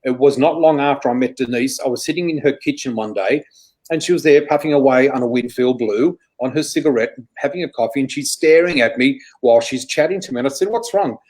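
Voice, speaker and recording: A man's voice: mid-range voice, quick pace, darkish tone, rough recording. A middle-aged Australian man, a guest psychic, telling anecdotes in a chatty, self-correcting way. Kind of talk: anecdotal interview storytelling.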